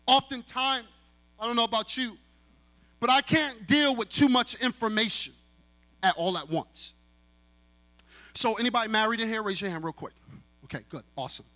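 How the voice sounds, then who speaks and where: A male guest pastor preaching to a youth convention, animated, acting out dialogue and talking straight to the crowd. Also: very high-pitched, moderate pace, pauses often. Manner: animated, acts out dialogue, talks straight to the audience. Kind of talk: sermon.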